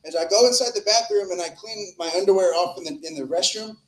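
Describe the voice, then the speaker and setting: On a club stage, a stand-up comic with a high-pitched voice and quick pace does a crude, rambling, profane open-mic set. The room sounds echoey.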